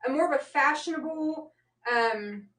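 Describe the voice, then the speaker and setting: A woman hosts a live shopping stream in a loose, rambling way, full of fillers and quick self-corrections. Her voice sits a touch high. She sounds set back from the mic in a roomy space. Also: fairly bright tone, distant mic. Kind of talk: casual live-stream sales chat.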